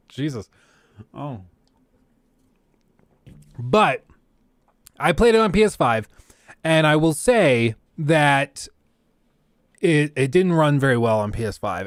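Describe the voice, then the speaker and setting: A man's voice: medium pitch, dry recording, studio quality. A man hosting a casual livestream, ranting bluntly and sarcastically to his chat. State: keeps choking on throat. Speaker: livestream host.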